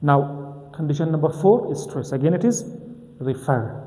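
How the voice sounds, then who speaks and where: A man's voice: on the high side, lively intonation, normal speed, warm tone, big-room sound. A man teaching an English grammar lesson, methodically repeating key points and asking and answering his own questions.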